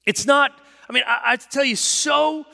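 A man's voice: extremely high pitch, moderate pace, vocal fry, pushed and bright, long reverb tail. A man serving as pastor and delivering a sermon in a church sanctuary, in a conversational, digressive manner that swells into emphatic bursts.

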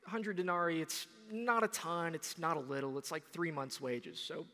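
A young man preaching a sermon, retelling a parable in a conversational, animated way. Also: on the high side, normal speed, big-room sound. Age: young adult.

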